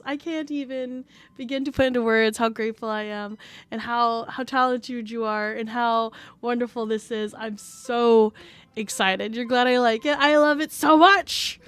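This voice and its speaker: A woman streamer chatting casually on a livestream, excitable and gushing. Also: on the high side, normal speed, smooth, no echo. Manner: excitable, gushing, breaks into squeals and laughs. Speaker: VTuber streamer.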